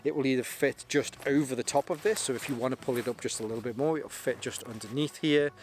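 A man's voice: medium pitch, a little hiss or hum. Chatty man reviewing gear outdoors. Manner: chatty, rambling, repeats words when restarting. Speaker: gear reviewer and brand ambassador. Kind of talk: casual product review to camera.

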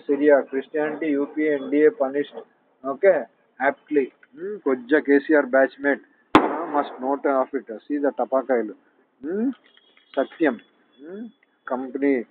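A man in a rambling, angry monologue, reading out news headlines and punctuating them with "huh?" and "okay?". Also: mid-range voice. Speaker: channel host. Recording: tinny phone-like audio with faint noise.

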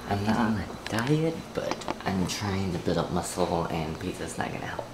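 A man chatting to his camera for a daily vlog, rambling and complaining, with bursts of excitement. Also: sits low, normal speed, gravelly, heavy background noise. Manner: rambling, talks to camera, drifts between mumbling and excited outbursts. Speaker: vlogger. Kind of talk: casual vlog chat. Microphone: handheld camera.

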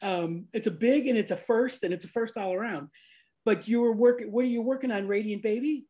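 A woman's voice: fairly high pitch, fairly quick, dark tone, lo-fi sound. A woman from Florida in her fifties with an American accent, hosting a podcast in a chatty way, laughing often. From Florida, USA. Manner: chatty and laughing, with many restarts. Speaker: podcast host. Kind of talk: casual interview chat.

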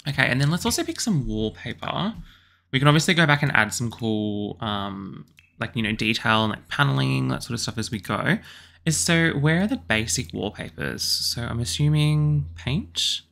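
A young Australian man chatting casually and excitedly as he builds a house in a video game, with lots of apologetic asides. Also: medium pitch, normal speed, gravelly, a little hiss or hum. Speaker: YouTuber building houses in a life-sim game. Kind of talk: casual gameplay commentary.

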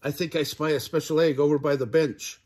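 An older man voicing a greedy, excited horse in a storybook, with a husky voice. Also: on the high side, a little fast. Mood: eager.

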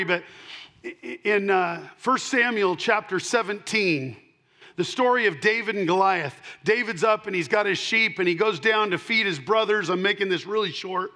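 Emphatic preaching man, fairly high voice. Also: moderate pace. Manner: emphatic, swinging between loud punches and quiet asides; repeats key lines for emphasis. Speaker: pastor. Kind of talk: sermon.

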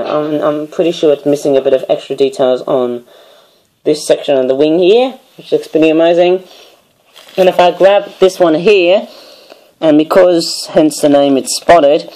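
A hoarse man in a casual, rambling vlog, chatting about and handling toy birds at home, tagging his thoughts with "I suppose". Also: fairly high pitch, mellow, slight background noise, rough recording. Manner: rambling, filler-heavy, keeps tagging "I suppose". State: hoarse, voice giving out. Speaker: toy review vlogger. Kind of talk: casual rambling product show-and-tell.

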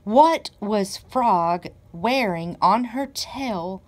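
Very slow woman reading a storybook. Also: medium pitch, animated. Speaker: library director. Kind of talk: children's story read aloud.

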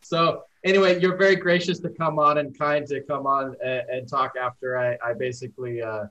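A man's voice: medium pitch, steady tone, moderate pace, bright, forceful tone, dull audio. A man hosting a casual panel discussion over a video call, telling a long self-deprecating story in a rambling way. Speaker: panel host.

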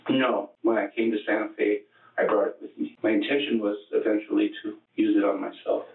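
Heard distantly from across the room on a tinny archive tape full of echo, a police interrogation captures a murder suspect's testimony. His voice is low and monotone, and he speaks haltingly and matter-of-factly, restarting frequently.

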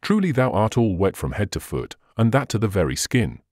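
A man's voice: lowish voice, very animated, a little fast, darkish tone, no room sound, clean studio sound. A man voicing an eager, loyal male outlaw follower who cries out in old-fashioned speech.

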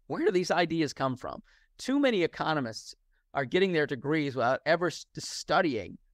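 Candid, rambling middle-aged American professor. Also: male voice, fairly high pitch, very animated, moderate pace, dry recording, clean studio sound. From United States. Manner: discursive, candid, restarts often. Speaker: professor being interviewed. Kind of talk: interview answers.

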